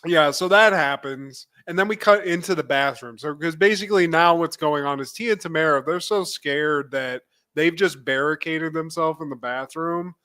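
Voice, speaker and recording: A man co-hosting a casual livestream, retelling scenes from a show with lively acted-out quotes and frequent laughter. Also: on the high side, normal speed, few pauses. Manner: animated storytelling, acts out quotes, laughs often. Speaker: podcast co-host. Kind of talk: casual recap chat.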